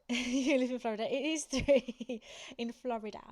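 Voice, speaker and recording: A woman's voice: a little high, slow, darkish tone. Chatty woman with a Black Country accent. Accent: Black Country (West Midlands English). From England. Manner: chatty, laughs often, talks to chat viewers. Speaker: streamer. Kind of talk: casual chat while gaming.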